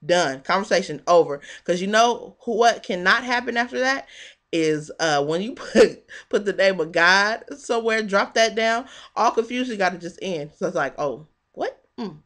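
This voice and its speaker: A woman recapping a reality show in casual, animated commentary, sassy and quick to laugh. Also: medium pitch.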